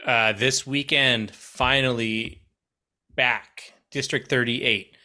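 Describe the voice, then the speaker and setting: A man co-hosting a casual podcast, his voice a little gravelly, joking and easygoing as he talks. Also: mid-range voice, fairly even intonation, slow, pushed and bright. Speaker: podcast co-host. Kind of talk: casual chat.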